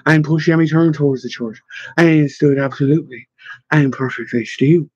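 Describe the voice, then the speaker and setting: A man narrates a story with measured, expressive pacing. His voice sits a touch high for a man yet sounds mellow and husky. The recording is dry and dull, as if muffled. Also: no room sound. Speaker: audiobook narrator. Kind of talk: scripted narration.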